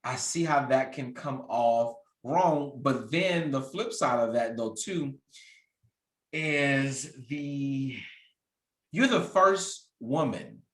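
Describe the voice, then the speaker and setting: A man's voice: medium pitch, animated, slow pace, a bit bright. Candid man in his thirties, echoey room. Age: 30s. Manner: candid, reflective, with many restarts. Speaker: podcast host. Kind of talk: casual conversation.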